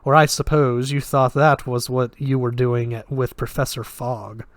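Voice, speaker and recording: A man voicing a sardonic male magic professor who speaks in a flat, lecturing way with a Russian accent. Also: medium pitch, unhurried, no echo, natural voice.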